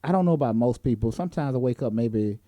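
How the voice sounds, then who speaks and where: A man's voice: mid-range voice, lively intonation, quick pace, warm tone, no echo. A man hosting a talk show in a casual, joking way, with plenty of fillers. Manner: laid-back, joking, lots of fillers. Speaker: host. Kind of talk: casual chat.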